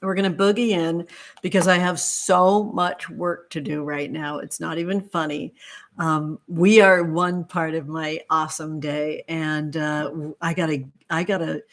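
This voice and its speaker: A woman hosting a tarot livestream, chatting warmly with viewers and gushing over their comments with pet names. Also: low voice, fairly even intonation, measured pace. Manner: effusive, gushing, calls viewers sweetheart. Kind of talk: live-stream chat with viewers.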